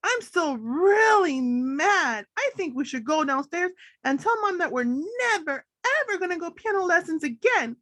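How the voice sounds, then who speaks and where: A woman voicing Amy, a hot-tempered childlike amygdala character in a storybook, shouting and wailing. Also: very high-pitched, big pitch swings, a little slow, no room sound, pitched above the performer's own voice, heavily acted. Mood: furious.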